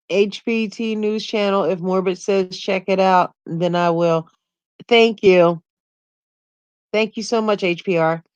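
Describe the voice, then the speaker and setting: Slow-talking chatty woman, dry close sound. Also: mid-range voice, clear, resonant tone, no echo, lo-fi sound. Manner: laughs often, chatty and animated storytelling. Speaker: YouTube livestream host. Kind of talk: casual livestream chat reading comments.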